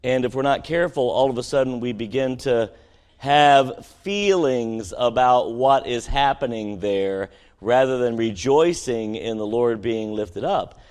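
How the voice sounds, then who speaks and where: A man preaching a sermon to his congregation, asking them questions and swinging between emphatic peaks and quiet conversational asides. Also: mid-range voice, measured pace, smooth. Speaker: pastor. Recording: long hall reverb.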